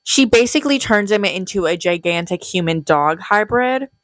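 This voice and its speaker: A woman's voice: mid-range voice, expressive, normal speed, no echo. A young woman giving a casual, comedic movie recap, snarky and sarcastic with plenty of swearing. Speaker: movie commentary youtuber.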